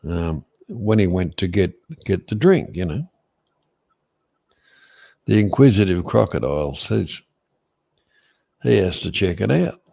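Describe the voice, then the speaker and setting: A man drifts through a long joke in casual chat, doubling back whenever he loses his place. His voice sits very low and carries a gravelly rasp. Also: a little mellow. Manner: slow, meandering storyteller who loses his thread.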